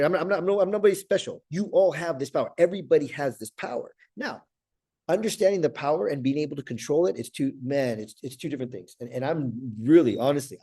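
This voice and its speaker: Earnest man coaching, warm voice. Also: on the high side, husky. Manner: earnest, repeats words often, asks "right?". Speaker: life coach. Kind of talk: motivational coaching talk.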